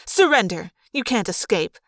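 A woman's voice: on the high side, normal speed, no echo, studio quality, natural voice. A woman reading aloud, voicing a tense middle-aged woman who commands troops in a clipped, snapping manner. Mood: cold threat. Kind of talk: fan audiobook reading.

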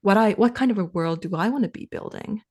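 A woman from Finland in her thirties, a guest on a podcast interview, talking in a relaxed, reflective way and turning lively when she quotes herself. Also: mid-range voice, quick pace. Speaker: podcast guest, sales coach. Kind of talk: casual interview talk.

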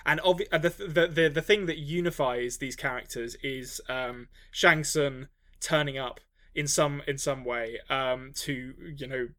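A man's voice: mid-range voice, fairly even intonation, a little slow, fairly bright tone. A man co-hosting a movie podcast, talking casually with lots of restarts and ums. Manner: rambling, many restarts and ums. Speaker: podcast co-host. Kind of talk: casual movie review chat.

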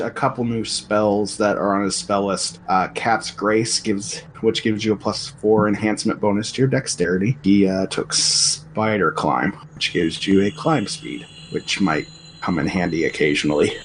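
Man, game master, low voice, relaxed, wry, faint background hiss. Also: moderate pace, low-quality recording. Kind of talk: running a tabletop game session.

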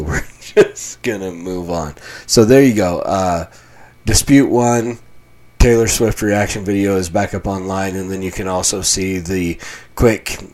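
A low-pitched man from Colorado talks on his own in a casual podcast monologue. He is a pastor recording in a small basement room, and his delivery is chatty, wry and often self-mocking. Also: darkish tone.

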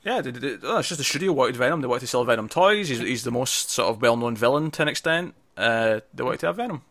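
A man co-hosting a casual film discussion, animated and jumping in often, stumbling over his words as he talks. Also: medium pitch, quick pace.

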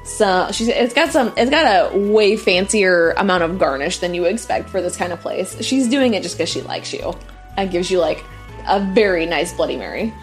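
A woman's voice: on the low side, animated, normal speed, faint music behind. A woman with a Southern US accent, narrating a tabletop game as game master in a chatty, playful way.

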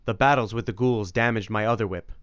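A man's voice: on the low side, fairly quick, fairly bright tone, smooth, dry recording, clean studio sound, close to an everyday voice. A man voicing a serious, formal warrior mentor in an audiobook, with a stern, lecturing manner. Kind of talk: audiobook character voice.

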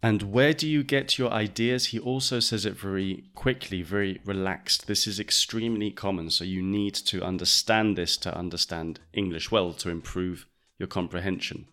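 A man hosting an English-learning podcast, patiently explaining pronunciation step by step and repeating phrases slowly. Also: low-pitched, sharp tone. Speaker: English teacher and podcast host.

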